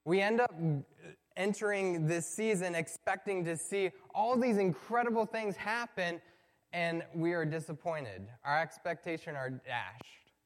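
A man's voice: sits high, unhurried. Man preaching in a reverberant hall. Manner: storytelling, conversational, builds to emphatic points. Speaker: pastor. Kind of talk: sermon. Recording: long reverb from a large hall.

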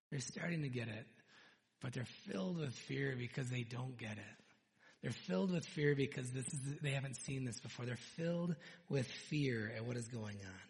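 A man preaching a sermon, retelling a scripture story with animated storytelling and dropping to hushed tones for emphasis. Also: mid-range voice, moderate pace, vocal fry. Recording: long reverb in a hall.

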